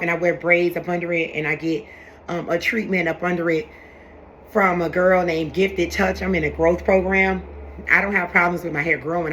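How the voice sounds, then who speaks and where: A young woman with a bright, sharp voice talks straight to her viewers in an animated, preachy way. She circles back and repeats her points as she goes. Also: fairly low pitch, a little hiss or hum. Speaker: vlogger talking to her viewers. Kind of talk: casual live chat to camera.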